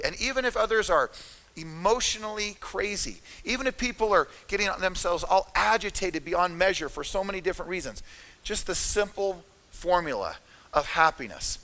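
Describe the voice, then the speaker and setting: A middle-aged man giving an energetic, emphatic motivational talk at a seminar, speaking straight to his audience. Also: high-pitched, moderate pace. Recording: reverberant hall.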